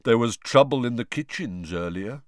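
Brief: prim, gossipy old male ghost, pitched a little higher, read by a man, dry close sound. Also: animated, moderate pace, no echo, close to an everyday voice. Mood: genteel, chatty. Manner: prim and chatty, full of gossip. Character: fussy, genteel, pompous old male ghost.

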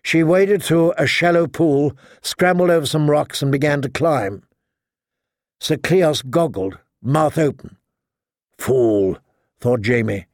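A man narrating a story as an audiobook reader, in a steady, measured reading style. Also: a little high, no room sound, clean studio sound. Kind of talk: scripted narration.

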